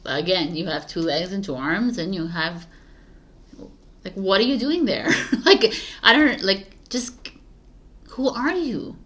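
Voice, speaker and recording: A middle-aged Canadian tarot reader speaks slowly in a mid-range voice, chatting casually to camera about spiritual topics. She's passionate and animated, laughs often, and uses "like" as a filler frequently.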